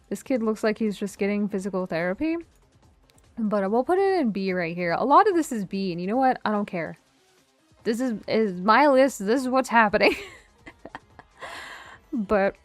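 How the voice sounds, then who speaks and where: A woman's voice: mid-range voice, no room sound. A woman streamer chatting casually through a tier list, rambling, cutting herself off mid-word and joking as she reminisces. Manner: rambling, self-interrupting, nostalgic and jokey.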